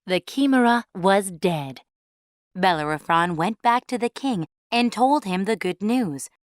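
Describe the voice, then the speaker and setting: A woman reading a storybook aloud in a clear, measured way for English learners. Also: medium pitch, expressive, no room sound, clean studio sound.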